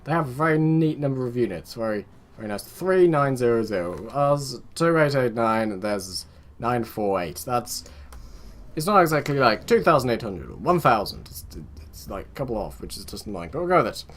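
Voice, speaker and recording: A man's voice: mid-range voice, very animated, a little fast, fairly bright tone. A young man giving casual let's-play commentary, rambling and chatting to his game units with muttered asides. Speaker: gaming video host.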